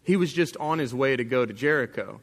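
A man's voice: medium pitch, expressive, fairly quick. A man pastor preaching a sermon to his congregation in an emphatic, casual and plain-spoken way.

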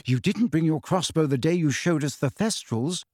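A man's voice: high-pitched, wildly swooping pitch, moderate pace, husky, dry recording, clean studio sound, voice pushed up, heavily acted. A man reading a story aloud, voicing a timid, curious teenage schoolgirl.

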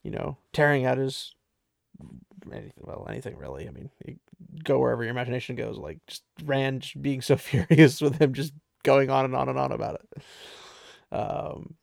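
A man casually recaps and reads from a book chapter, chatting and laughing along the way. His voice is gravelly with noticeable fry, at an ordinary pitch. The recording is dry and close. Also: moderate pace, darkish tone, dry recording. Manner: chatty, laughs often, many fillers.

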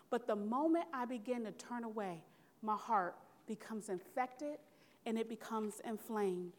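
A woman's voice: on the high side, unhurried. A woman preaching a sermon in an earnest, conversational way, asking the congregation questions as she goes. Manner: earnest, conversational preaching with call-and-response asides.

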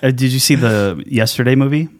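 A man's voice: medium pitch, a little fast. A man guesting on a podcast as an actor, chatting casually and playfully, laughing often and slipping into impressions. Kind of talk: casual chat.

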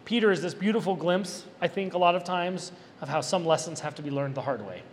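A man preaching an expository sermon, animated and emphatic, with conversational asides to his listeners. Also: a little high, brisk. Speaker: pastor. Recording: reverberant hall with faint background noise.

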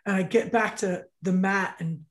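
A man co-hosting a podcast, caught up in telling a story. He talks casually and with excitement, throwing in "dude" as he goes. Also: high voice, moderate pace. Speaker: podcast co-host.

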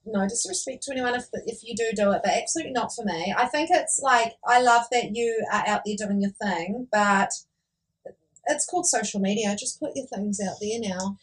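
A woman co-hosting a podcast, chatting casually and reacting with quick agreement. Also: on the high side, rough recording. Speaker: podcast co-host. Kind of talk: casual chat.

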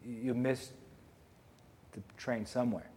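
A man preaching a sermon, emphatic, swinging between loud declarations and hushed asides. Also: mid-range voice, steady tone, a little slow, slight background noise. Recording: long hall reverb.

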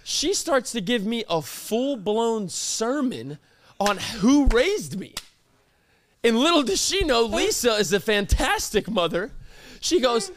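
A man's voice: very high voice, big pitch swings, slow pace, slight background noise. A man co-hosting a podcast, telling a story in casual chat and acting out the quotes with big swings in his voice. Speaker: podcast co-host. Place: podcast studio.

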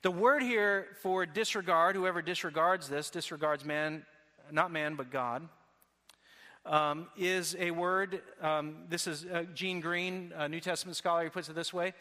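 Bright-voiced male preacher, echoing hall. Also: a little high, a little slow. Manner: earnest preaching with repeated restarts. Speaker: pastor. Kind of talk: sermon. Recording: long hall reverb.

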